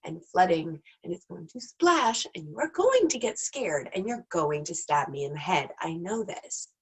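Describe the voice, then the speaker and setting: A woman's voice: lowish voice, big pitch swings, moderate pace, slightly rough, voice pushed down, poor audio. A woman voicing an exasperated, blunt male frog who talks like a slangy dude in a spoken fable. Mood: insistent.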